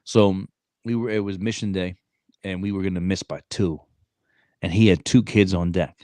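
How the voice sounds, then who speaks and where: A man co-hosting a podcast, a Marine recruiter telling stories in casual, animated chat full of swearing and "bro". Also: low voice, normal speed, no echo. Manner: animated, profane, says "bro" a lot.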